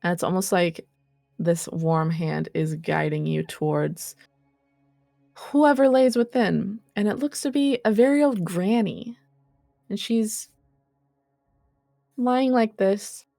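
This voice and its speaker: A woman's voice: medium pitch, slow pace, gravelly, long pauses, dark tone, no room sound, studio quality, soft background music. A woman narrating as game master in a tabletop game, hesitant and full of fillers.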